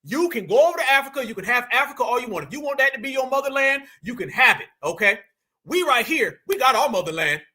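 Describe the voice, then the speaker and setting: A New York man with a very high voice and a quick pace hosts a fiery political commentary monologue. He's emphatic, preachy and animated, calling his viewers "fam."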